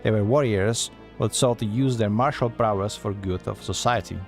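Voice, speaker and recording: A man's voice: on the low side, moderate pace, soft background music, close to an everyday voice. Man putting on a Scottish-accented lady pirate recruiter. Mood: yarn-spinning. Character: female pirate-like guild receptionist, gruff and teasing. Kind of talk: reading game dialogue aloud.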